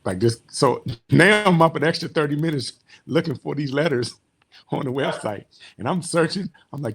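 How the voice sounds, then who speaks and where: A military veteran giving a rambling, heartfelt client testimonial that often trails off quietly. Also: male voice, on the high side, moderate pace, slight background noise. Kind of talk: personal testimonial storytelling.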